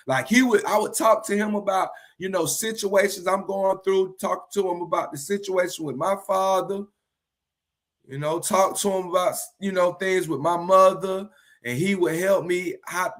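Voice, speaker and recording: A man teaching from the Bible in a livestream, earnest and repeating key phrases slowly for emphasis. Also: high-pitched, fairly even intonation, fairly bright tone.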